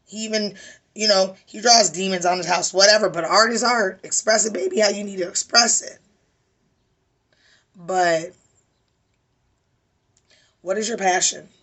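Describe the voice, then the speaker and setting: Bright, husky woman giving a tarot reading. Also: medium pitch, unhurried, long pauses. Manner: preachy, emphatic, swears casually. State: weary voice. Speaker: tarot reader.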